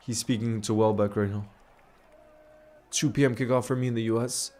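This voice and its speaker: A man's voice: on the low side, steady tone, moderate pace. A man hosting a live football watch-along stream, chatting casually and reading out viewer messages between his reactions, in a laid-back, chummy way. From grew up largely in New York. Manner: laid-back and chummy, calling viewers "bro" and giving shout-outs. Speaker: livestream host of a match watch-along.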